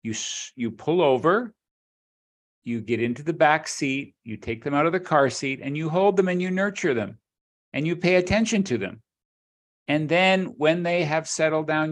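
A man's voice: on the high side, moderate pace, a bit bright. A middle-aged man co-hosting a podcast, speaking earnestly and reflectively in casual conversation, with sayings and analogies. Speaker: podcast co-host.

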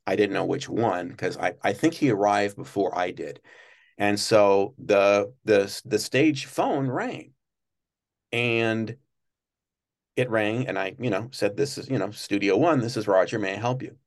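A man's voice: on the low side, unhurried, vocal fry. A man, a former studio page, telling stories as an interview guest with many restarts and fillers. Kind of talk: casual interview storytelling.

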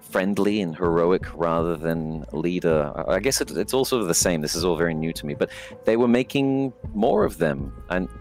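A man speaking as a player in a tabletop game, hesitant with many fillers and quick to laugh. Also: low voice, expressive, a little mellow, faint music behind. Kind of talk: casual chat in a tabletop game.

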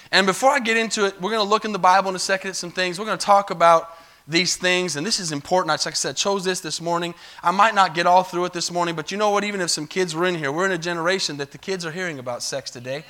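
A fast-talking pastor with a high-pitched, pushed, bright voice preaches in a church sanctuary. He tells his story in a loose, conversational manner and keeps calling for amens.

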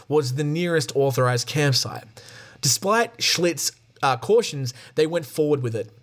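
A man hosting a podcast, reading a true-crime account aloud at a steady pace, with fillers, small restarts and wry asides. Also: mid-range voice. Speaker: podcast host.

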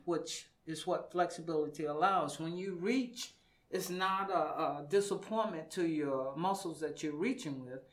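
Fitness coach guy on a talk show, kinda high voice, really emphatic, says stuff twice. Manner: emphatic, repeats words for stress. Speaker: fitness coach, studio guest. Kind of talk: casual radio talk.

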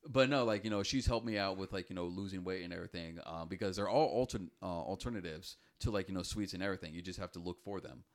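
Low-voiced man rambling in casual chat. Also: quick pace, hardly any pauses. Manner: rambling, many fillers and restarts. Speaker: podcast co-host.

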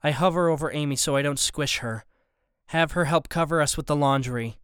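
A man narrating a first-person story as an audiobook narrator, steady and even. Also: a little high, a little fast, clean tone, no echo, clean studio sound.

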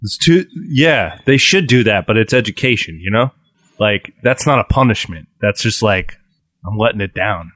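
A man, rambling on a podcast and winding his jokes up as he goes. His pitch swings widely, and the sound is close and dry with no room around it. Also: lively intonation, moderate pace, a bit bright, dry recording. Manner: rambling, mock-announcer jokes. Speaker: podcast co-host. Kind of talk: casual podcast banter.

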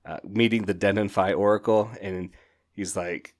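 A man hosting a podcast, chatting casually and excitedly about books in a rambling way, often laughing. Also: fairly low pitch, normal speed. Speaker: podcast host. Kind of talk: casual book review chat.

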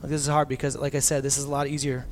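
A man preaching a casual, animated sermon as a pastor, swinging from loud emphasis down to near-whispers and acting out quotes. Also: medium pitch, very fast, a little hiss or hum.

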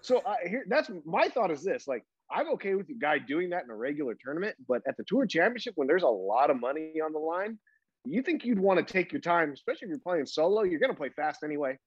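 Male podcast co-host, measured casual talk, dry and slightly dull recording. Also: fairly high pitch, very animated, breathy edge, dry recording. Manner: measured, reasoning out his opinion. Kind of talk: casual chat.

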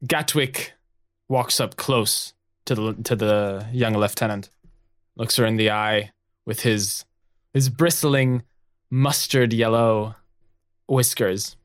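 Slow-spoken man narrating a tabletop game. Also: fairly low pitch, fairly even intonation. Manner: playful, improvising, laughs often. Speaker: player. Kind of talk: tabletop role-play narration.

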